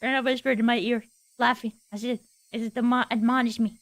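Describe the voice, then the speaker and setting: A woman's voice: fairly high pitch, little pitch movement, a little fast. A woman streamer reading a visual novel's text aloud, playful and giggly between lines. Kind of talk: reading game text aloud with live reactions.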